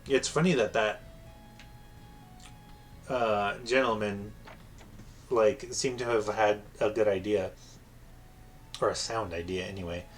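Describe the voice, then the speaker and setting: A man's voice: lowish voice, steady tone, takes it slowly, pauses often, faint music behind. Wry male game streamer. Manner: wry, sarcastic. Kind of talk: live gameplay commentary.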